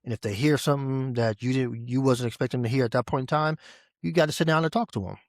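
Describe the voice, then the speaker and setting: A man hosts a casual podcast chat, relaxed and fond of repeating his key phrases. His pitch is ordinary for a man. The recording is dry, with no room sound. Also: quick pace, dry recording. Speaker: podcast host. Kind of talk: casual conversation.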